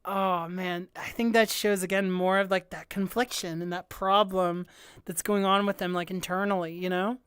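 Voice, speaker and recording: A young woman streaming a live music reaction, gushing and excitable, with lots of filler words. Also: on the low side, moderate pace, smooth, no room sound, studio quality. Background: faint album music playing.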